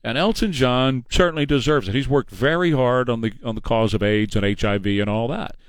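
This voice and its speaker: A man's voice: mid-range voice, smooth, dry recording. Middle-aged guy ranting on his talk show, sarcastic and punchy, dry close mic. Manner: combative, sarcastic, fast-talking. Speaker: radio talk show host. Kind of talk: political commentary monologue.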